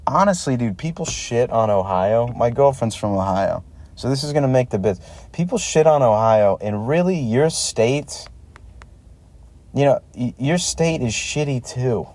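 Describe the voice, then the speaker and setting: A man's voice: on the low side, a little mellow, no echo. A man in his thirties hosting a solo comedy podcast, ranting sarcastically and swearing freely from a laundromat. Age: 30s. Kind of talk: solo stand-up style rant.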